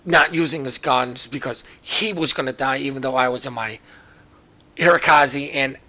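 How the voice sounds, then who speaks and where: Over footage of his own naval battle game, a man offers casual, joking commentary. His medium-pitched voice is bright and forceful at a normal speed, and he's chatty and self-mocking.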